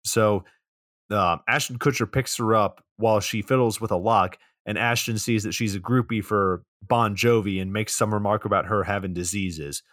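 A man's voice: on the low side, steady tone, normal speed, fairly bright tone, no room sound, studio quality. A man co-hosting a podcast, casually summarizing a movie's plot scene by scene and swearing now and then. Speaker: podcast co-host. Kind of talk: casual movie recap chat.

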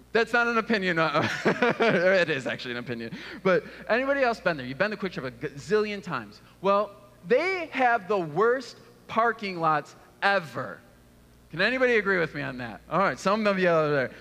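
A man in his thirties, a pastor, preaching a sermon with animated storytelling and acted-out voices. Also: high voice, moderate pace. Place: church auditorium. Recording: long hall reverb.

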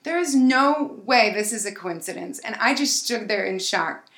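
A woman podcast host telling a personal story in an animated, excited way. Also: mid-range voice, normal speed, roomy sound. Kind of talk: casual storytelling chat.

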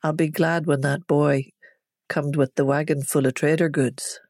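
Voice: mid-range voice, flat delivery, unhurried, dry recording, clean studio sound. A reader doing a teasing village healer mother. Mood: chatty. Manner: teasing but sharp.

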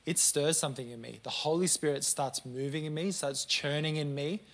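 A man's voice: fairly high pitch, steady tone, normal speed. A man preaching a sermon in a conversational, earnest way, with joking asides to the congregation.

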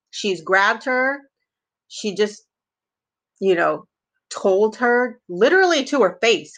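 A woman's voice: mid-range voice, a bit bright. A woman tells stories on a podcast in a loose, chatty way. She leans on fillers and adds wry, indignant asides. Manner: chatty, heavy use of "like" fillers. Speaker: podcast co-host. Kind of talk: casual storytelling.

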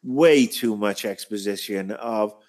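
A man's voice: lowish voice, slow pace, darkish tone. Blunt, sweary man ranting. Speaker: podcast co-host. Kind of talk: casual podcast chat.

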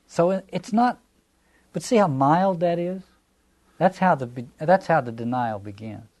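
A man's voice: fairly high pitch, expressive, measured pace, long pauses, darkish tone. A man with a Southern American accent, giving a reflective lecture on scripture, restarting phrases and posing rhetorical questions.

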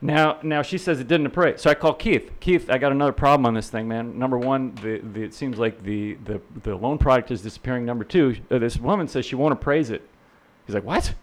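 A middle-aged real estate instructor, guesting on an interview, tells rambling stories in a mid-range voice at a slightly fast pace. His casual storytelling is full of fillers and restarts, and he acts out the people he quotes.

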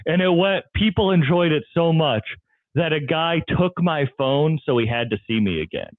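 A man's voice: on the high side, expressive, normal speed, no echo. A man who is a comedian guest, telling wild stories in casual chat and laughing often. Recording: tinny phone-like line, dry.

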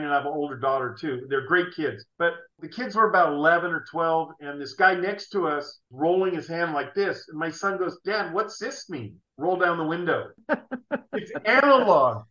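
A middle-aged automotive artist, guesting on an interview, shares animated anecdotes punctuated by laughs in a casual storytelling style. His voice is bright and forceful, on the high side for a man, and the recording sounds roomy and a little dull.

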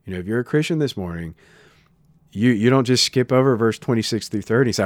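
A man preaching a sermon in a conversational way, retelling stories with lively restarts into a microphone. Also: medium pitch, fast, no room sound, studio quality. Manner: conversational, animated storytelling with frequent restarts. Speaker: pastor.

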